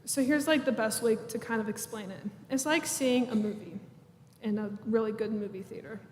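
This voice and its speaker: Young woman, graduation speech, chatty, nervous humor, roomy echo, slightly high. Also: normal speed, darkish tone, slight background noise. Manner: chatty, self-deprecating, laughs through nervous moments. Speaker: senior class president giving a graduation speech. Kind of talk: prepared ceremony speech. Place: large church sanctuary. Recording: echoey hall, room mic.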